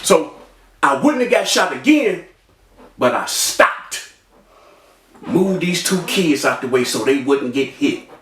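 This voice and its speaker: A man telling his own story with a high, swooping voice that jumps around as he acts out the people in it and makes sound effects in street slang. He sits back from the mic in an echoey room. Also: very animated, slow, pauses often, a bit bright, recorded from a distance. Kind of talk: animated personal storytelling.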